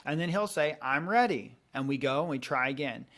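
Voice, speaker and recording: A man's voice: mid-range voice, expressive, fairly quick, a bit bright. A man in his thirties on a podcast, earnestly explaining a parenting method and acting out little example conversations. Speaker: parenting coach guest.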